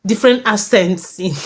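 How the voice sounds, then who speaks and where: A woman's voice: mid-range voice, unhurried. A woman from Africa hosting a reaction video, commenting with gushing, repetitive enthusiasm. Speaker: reaction channel host.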